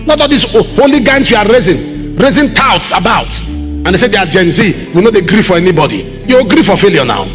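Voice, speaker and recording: High, lively Nigerian preacher in a hall. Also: male voice, brisk. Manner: emphatic preaching with repeated rhetorical questions, bursts of shouting. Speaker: pastor. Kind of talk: sermon. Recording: reverberant hall with loud music behind.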